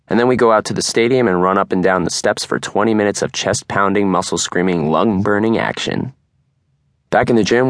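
Young man, deep low voice, first-person audiobook narration, dry close studio sound. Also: no echo.

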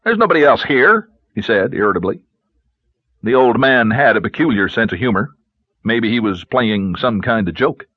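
A man narrating a western audiobook in a measured, even storytelling manner. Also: lowish voice, slightly rough, dry recording, muffled recording. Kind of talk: scripted narration.

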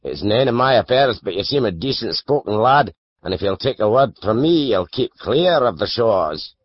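An actor reading an audiobook and voicing a blunt, loud Scottish cart driver. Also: male voice, fairly low pitch, expressive, normal speed, dry recording, highs cut off. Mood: gruff. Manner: blunt, forceful. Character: gruff blunt Scottish carter, middle-aged man.

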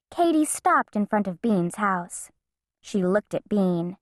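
A woman narrating a children's storybook in an expressive, playful way. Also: mid-range voice, slow, no echo, studio quality. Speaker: audiobook narrator.

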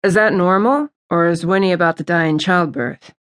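A woman narrating an audiobook, voicing a relaxed, dry-humored young man. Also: lowish voice, moderate pace, natural voice. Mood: easygoing. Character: wry laid-back young man, a boyfriend.

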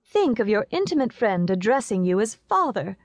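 A woman's voice: mid-range voice, very animated, moderate pace, no echo, pitched above the performer's own voice. Woman doing a teasing young lady in an audiobook, playful, a bit demure.

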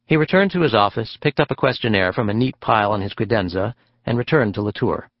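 A male audiobook narrator with a lowish voice and a steady, measured reading. The recording is dry, close and a little dull in tone. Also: dry recording. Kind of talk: scripted narration.

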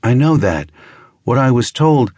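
A man voicing a guarded young woman in her twenties who speaks quietly but firmly. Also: mid-range voice, sing-song, unhurried, slightly rough, dry recording, pitched above the performer's own voice. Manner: quiet but firm, evasive.

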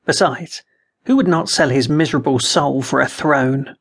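A man's voice: medium pitch, moderate pace, creaky, slightly rough. Man reading a cynical, harsh nobleman. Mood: scornful. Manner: harsh, scornful. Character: bitter yellow-haired male noble, cynical.

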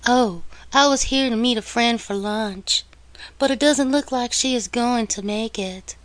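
A woman's voice: a little high, measured pace, no echo, natural voice. A woman playing a coy Southern gold digger. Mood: flirtatious. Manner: coy, sweetly flattering.

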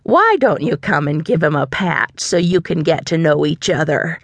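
A woman narrator puts on a doting, eccentric old grandma from an audiobook, her voice lifted high and crooning in a sing-song way. The recording is close and dry, with no room around it. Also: sing-song, normal speed, no room sound, full character voice. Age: older. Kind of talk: audiobook character voice.

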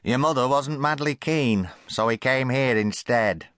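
A man's voice: mid-range voice, unhurried, a bit bright, dry recording, studio quality, voice pushed up, close to an everyday voice. A man voicing a stern, clipped elderly great-aunt in a children's audiobook. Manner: clipped and disapproving. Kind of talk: audiobook character voice.

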